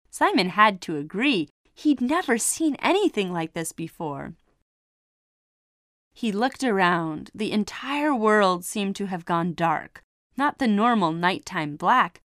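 Lively, slow-reading woman storyteller. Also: mid-range voice, no room sound, studio quality. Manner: expressive, voices the dialogue. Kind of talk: children's story reading with character voices.

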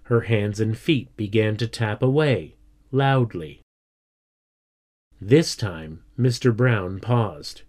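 A man reading a children's story aloud in a measured way. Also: lowish voice, darkish tone.

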